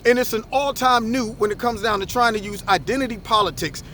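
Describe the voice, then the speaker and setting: Brief: middle-aged man, high-pitched, fiery commentary, animated storyteller. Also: a little fast, a little hiss or hum. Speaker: commentator and former school principal. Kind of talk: opinion commentary with acted anecdotes.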